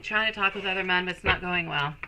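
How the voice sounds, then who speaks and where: A woman in her thirties doing a live tarot reading, soft and soothing, calling viewers sweetie and turning bubbly when she greets the chat. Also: fairly low pitch, fast talker, background noise. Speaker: tarot reader.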